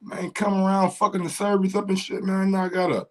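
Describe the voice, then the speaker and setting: A man's voice: sits high, level tone, brisk. Frustrated cursing livestream host, man. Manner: frustrated, profane, repeats himself. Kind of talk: casual livestream chat.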